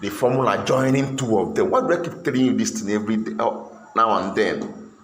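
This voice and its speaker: A man's voice: lowish voice, brisk, reverberant, slight background noise. A man tutoring a pupil in math, sternly repeating questions and pressing for answers.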